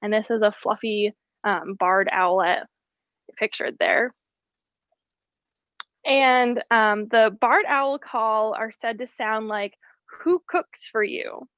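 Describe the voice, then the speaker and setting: A woman's voice: a little high, slow pace, pauses often, no echo, lo-fi sound. Woman teaching about birds of prey. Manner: explanatory, with frequent ums. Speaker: wildlife educator. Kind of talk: educational presentation.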